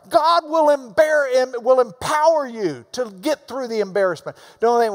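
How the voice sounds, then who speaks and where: A man preaching a sermon in a church. He talks emphatically, swinging between loud urging and quiet asides. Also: very high-pitched, very animated, a little slow, few pauses. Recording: long reverb of a large hall.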